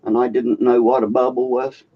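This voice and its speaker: Man, podcast host, husky lively voice, dull lo-fi audio; swears and laughs a lot. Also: mid-range voice, normal speed. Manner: animated, swearing, laughs often. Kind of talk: casual chat, storytelling.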